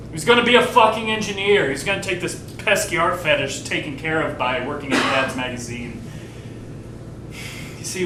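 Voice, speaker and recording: An actor playing a bitter, profane man telling a rambling, sardonic family story to a live theater audience. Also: close to an everyday voice. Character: bitter, foul-mouthed grown man confiding a family story. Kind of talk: live stage play monologue to the audience. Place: theater stage. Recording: echoey live theater, far from the mic, rumbling noise.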